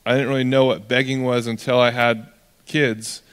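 A male pastor preaching a sermon in a relaxed, conversational storytelling way, often acting out the voices of people in his stories. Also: mid-range voice, normal speed, clean tone, long reverb tail.

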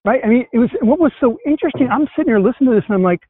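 Upbeat male host, higher voice, thin phone-like call audio. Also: very fast, few pauses, dry recording. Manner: enthusiastic, animated storytelling. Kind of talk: casual conversation. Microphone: video call. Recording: tinny call audio, dry.

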